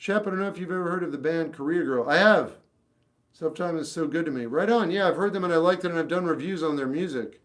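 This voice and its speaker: A man's voice: on the high side, quick pace. A man hosting a casual livestream, reading chat questions and giving blunt, off-the-cuff opinions. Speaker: livestream host answering chat. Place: home room with a record collection.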